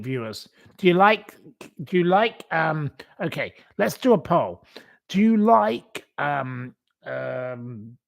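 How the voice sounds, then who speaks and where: A man hosting a live stream who rambles and mocks with open scorn. His voice sits a little high for a man and has a gravelly fry, and he talks slowly.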